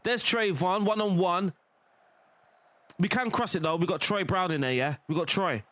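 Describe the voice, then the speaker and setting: Excitable man calling his football game. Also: high-pitched, moderate pace, dry recording. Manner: excitable, shouting at plays. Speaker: gaming streamer. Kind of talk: live game commentary.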